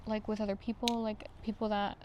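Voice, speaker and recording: A woman's voice: medium pitch, flat delivery, a little fast, lo-fi sound, slight background noise. Emotional woman in a reflective vlog. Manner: emotional, near tears at times, with soft laughs; chatty with many fillers. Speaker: vlogger.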